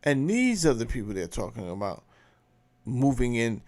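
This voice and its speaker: A male show host with a gravelly, fry-laden voice, ranting in a blunt, profane and emphatic way. His delivery is casual commentary, loose and forceful in its points. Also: medium pitch, very animated, moderate pace.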